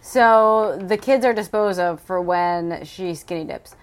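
A woman talks through a book with her podcast partner in easy, casual chat. She is wry and playful and slips jokes and wordplay into her commentary. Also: lowish voice. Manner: wry and joking, quick with wordplay. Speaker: podcast co-host.

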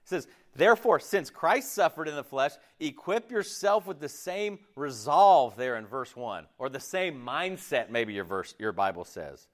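A man preaching a sermon in an animated, conversational way, acting out quick asides. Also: mid-range voice. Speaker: pastor.

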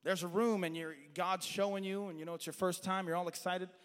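A man preaching a sermon with passion, his voice climbing to shouts and then dropping to quiet asides, and saying he has strayed from his notes. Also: high-pitched, level tone, brisk, smooth, long reverb tail.

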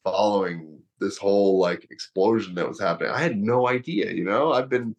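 A man's voice: fairly low pitch, normal speed. A man in his thirties, a former wrestler and fighter, telling a long story casually with many fillers. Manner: rambling, lots of fillers, laughs through story.

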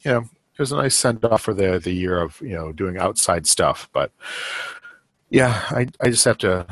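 Middle-aged male podcast host, low voice, meandering chatty delivery full of fillers, dry sound. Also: expressive, moderate pace, dry recording. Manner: rambling, chuckling, with many fillers. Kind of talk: casual chat.

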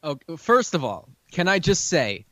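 A man's voice: fairly high pitch, very animated, moderate pace, pushed and bright, no room sound. A man co-hosting a podcast, chatting in a playful, jokey way. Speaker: podcast co-host. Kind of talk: casual chat.

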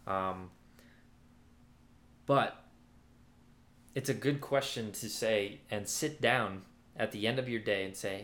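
Low-voiced man teaching in an echoey room. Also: takes it slowly, long pauses, a bit bright. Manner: conversational, many fillers and restarts. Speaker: Bible teacher. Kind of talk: casual sermon-style teaching.

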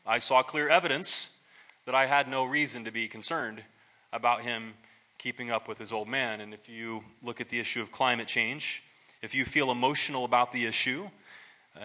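A pastor with a very bright, sharp-edged voice preaches in an easy, chatty way. He talks in loose stories full of restarts and little asides and pokes fun at himself as he goes. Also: mid-range voice, a little fast. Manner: relaxed storytelling, many restarts and asides; self-deprecating humor. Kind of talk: conversational sermon.

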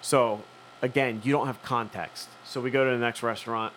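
A man's voice: medium pitch, steady tone, moderate pace, a bit bright, a little hiss or hum. A man, co-hosting a casual chat and acting out both sides of a profane story. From Philadelphia. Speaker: podcast co-host.

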